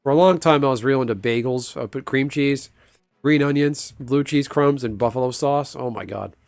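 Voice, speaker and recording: A man's voice: mid-range voice, normal speed, gravelly, a little mellow, no room sound, clean studio sound. A man streaming a game and chatting casually, rambling, swearing freely and laughing often. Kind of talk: casual chat while gaming.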